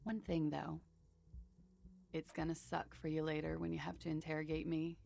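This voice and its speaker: A woman's voice: sits low, monotone, moderate pace, creaky, darkish tone. An actress voicing a worldly young woman in a video game, wry and teasing.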